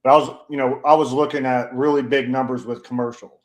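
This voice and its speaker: A man chatting on a podcast, telling a story in a blunt, profane, animated way and acting out the people he quotes with a raised voice. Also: medium pitch, fast talker. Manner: profane, blunt, animated, pushes his own story hard. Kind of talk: casual storytelling chat.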